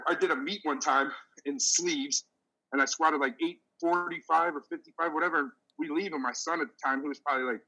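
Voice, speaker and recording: Middle-aged man, casual podcast chat, profane, animated, bright voice. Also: mid-range voice, low-quality recording. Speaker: podcast host, veteran powerlifter.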